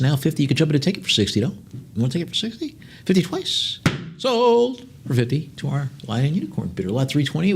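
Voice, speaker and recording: A man's voice: mid-range voice, breathy edge. A man working as an auctioneer at a live online sale, rattling off bid calls and tossing in chatty jokes between lots.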